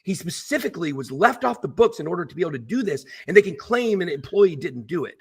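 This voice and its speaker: A man on a livestream speaks straight to his viewers, emotional and insistent, saying the same lines over and over to drive them home. His voice is fairly high and husky. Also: sing-song, quick pace, darkish tone. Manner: emotional, insistent, repeats himself. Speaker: streamer.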